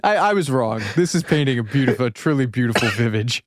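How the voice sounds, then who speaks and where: A man's voice: mid-range voice, animated, fast, dry recording. Dry-voiced man reading aloud on a podcast. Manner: laughs and breaks off mid-reading, wry asides. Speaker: podcast co-host. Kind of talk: casual chat, reading an article aloud.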